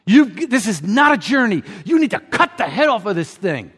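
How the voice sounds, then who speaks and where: A man's voice: very animated, normal speed, fairly bright tone, husky. Impassioned preacher man in a reverberant hall. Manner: impassioned, rising to emphatic peaks then dropping low. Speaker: pastor. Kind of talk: sermon.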